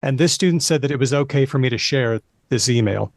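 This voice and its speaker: A man hosting a podcast interview, jumping in with lively, emphatic remarks. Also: medium pitch, fairly quick, dry recording, studio quality. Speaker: podcast host. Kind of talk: conversational interview.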